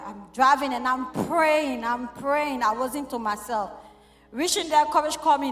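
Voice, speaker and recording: Woman, middle-aged, high voice, emotional church testimony recorded in an echoey hall with soft music. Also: moderate pace. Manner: emotional, storytelling with quoted dialogue. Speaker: church member giving testimony.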